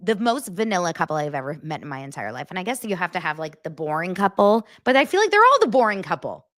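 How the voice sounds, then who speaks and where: A woman's voice: lowish voice, fast. A woman hosting a podcast, chatting casually and animatedly about reality TV, often turning to her listeners. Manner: chatty, animated, talks straight to her audience. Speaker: podcast host. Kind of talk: casual gossip chat.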